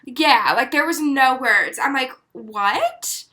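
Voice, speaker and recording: A woman's voice: high voice, a little slow, a crowd in the background. A woman in her twenties, co-hosting a podcast, telling a story in casual chat and acting out what people said with many "like"s. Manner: animated storyteller, acts out quotes with many "like"s. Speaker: podcast co-host.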